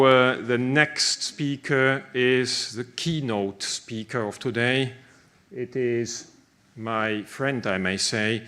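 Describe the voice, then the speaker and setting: Slow courteous man introducing a speaker. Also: mid-range voice, a bit bright. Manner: slow, courteous, slightly halting. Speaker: ceremony host, professor. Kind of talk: formal ceremony introduction.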